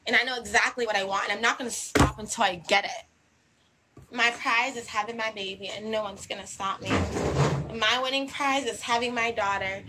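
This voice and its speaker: A woman's voice: on the high side, steady tone, moderate pace, very noisy. A young woman in a casual monologue to camera, talking in a brash, combative and repetitive way and swearing freely.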